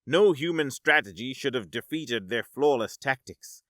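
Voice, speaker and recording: A man narrating a science-fiction story in a dramatic, measured audiobook style. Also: mid-range voice, expressive, a bit bright, dry recording, studio quality.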